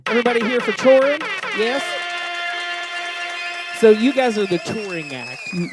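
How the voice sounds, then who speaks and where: A man's voice: sits high, a little mellow. A man hosting a live comedy and music show in a small venue, joking with the crowd in a brash, profane way. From Kentucky. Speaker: host.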